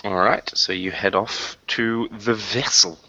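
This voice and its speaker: Sex: man. Role: game master. Sound: bright, dry. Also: lowish voice, steady tone, no echo, muffled recording. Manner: jokey, halting with fillers. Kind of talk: narrating a tabletop game.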